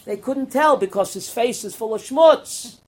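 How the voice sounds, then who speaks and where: A man's voice: extremely high pitch, expressive, measured pace. A man giving a Torah class as a rabbi, quizzing his students and acting out parables.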